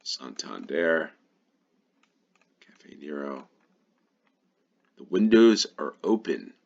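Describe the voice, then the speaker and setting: A man's voice: rumbling low, big pitch swings, extremely slow, vocal fry, a little mellow, dull audio. A man from New York with a Western New York accent, thinking aloud while playing a geography guessing game, hesitant and full of ums. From New York, USA. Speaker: GeoGuessr channel host. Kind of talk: casual gameplay commentary.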